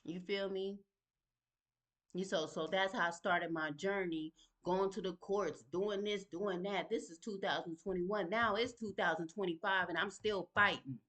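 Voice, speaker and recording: A woman's voice: mid-range voice, fairly even intonation, a little slow, a bit bright. A woman telling her own story in a vlog, talking in an emphatic, conversational way and often asking "you feel me?". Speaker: vlogger sharing her story. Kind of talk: casual personal storytelling.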